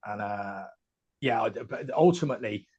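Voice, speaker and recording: West country bloke on a video call, husky voice, keeps stopping and restarting mid sentence. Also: male voice, on the low side, expressive, a little mellow, lo-fi sound. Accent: West Country English. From West Country, England. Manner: halting, many restarts and fillers. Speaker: guest comedian. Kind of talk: casual podcast chat.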